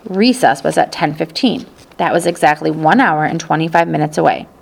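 A woman narrates an audiobook in a steady, even storytelling voice. Her tone sits fairly low and has a gravelly texture. Her delivery is calm and measured.

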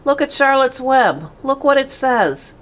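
A woman voicing an excited little farm girl, eager and pleading. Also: on the low side, fast talker.

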